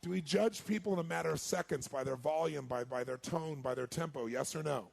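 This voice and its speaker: A man giving a live seminar talk as a motivational speaker, energetic and quizzing his audience. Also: on the high side, brisk. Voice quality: raspy, gravelly.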